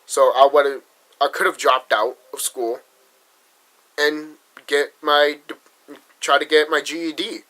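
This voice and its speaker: A young man from Massachusetts rants into the camera with a tense, forceful voice pitched a little high. He talks bluntly and swears, stopping and restarting his sentences as he vents. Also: flat delivery, poor audio. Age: young adult. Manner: blunt, profane, halting with restarts. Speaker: vlogger. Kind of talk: frustrated vlog rant.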